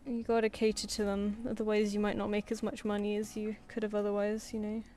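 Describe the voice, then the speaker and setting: A woman's voice: medium pitch, monotone, fairly quick, dark tone. A woman chatting casually with viewers while she draws on a live stream, rambling and laughing easily. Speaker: streaming artist. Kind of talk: casual chat while drawing.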